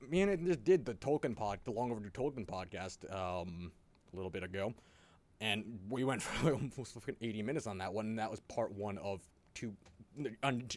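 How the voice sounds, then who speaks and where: A man hosting a podcast in casual chat, telling animated stories, swearing often and laughing a lot. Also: lowish voice, fairly quick. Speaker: podcast host.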